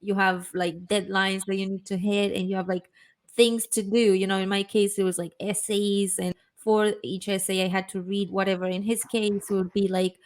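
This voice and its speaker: A woman in her twenties co-hosting a casual chat, relaxed and agreeable with lots of fillers. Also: medium pitch, normal speed. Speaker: co-host.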